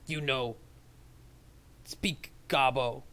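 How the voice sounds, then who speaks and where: A game master voicing crude goblin guards who speak in blunt, broken phrases. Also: male voice, mid-range voice, fairly even intonation, drawn-out words, bright, forceful tone, heavily acted. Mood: gruff. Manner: clipped, broken grammar, blunt demands.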